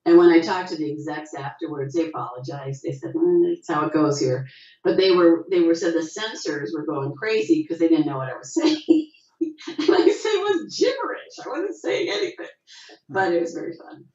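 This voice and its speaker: A middle-aged woman with a low, mellow voice tells stories from her acting career in an animated way, jumping up into her quotes. Her voice comes through a muffled video call. The room behind her sounds roomy and echoey. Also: fairly quick. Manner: animated storyteller, acts out quotes with rising pitch. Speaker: actress, interview guest. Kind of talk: casual interview over video call.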